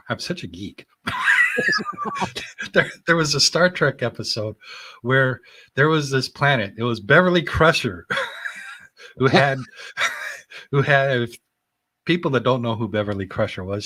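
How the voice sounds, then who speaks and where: A man's voice: mid-range voice, dry recording. A man talking casually as a podcast guest, earnest and enthusiastic, rambling and searching for words with frequent restarts. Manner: earnest and enthusiastic, with loud bursts of laughter. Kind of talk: casual conversation.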